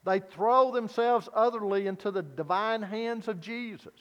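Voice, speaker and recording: A man preaching a sermon as pastor, earnest and deliberate, posing rhetorical questions to his congregation. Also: high voice, clear, resonant tone, big-room sound, dull audio.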